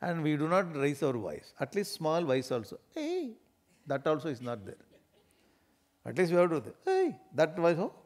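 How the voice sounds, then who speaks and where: A man giving an animated, emphatic spiritual discourse, often laughing as he talks. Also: a little high, a little fast.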